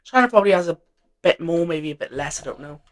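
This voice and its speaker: A man's voice: fairly high pitch, lively intonation, quick pace. A man narrating an alternate-history map in a casual, rambling way, full of fillers and offhand self-corrections.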